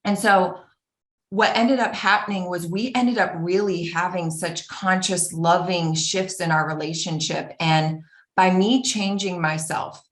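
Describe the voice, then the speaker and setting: A woman giving an earnest, animated personal talk, acting out the voices of the people she quotes. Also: lowish voice, a little slow. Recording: roomy echo.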